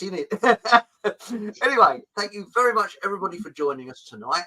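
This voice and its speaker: A man's voice: sits high, sing-song, brisk, pushed and bright, poor audio. An English man hosting a casual chat show, rambling and chuckling with frequent restarts. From England. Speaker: host.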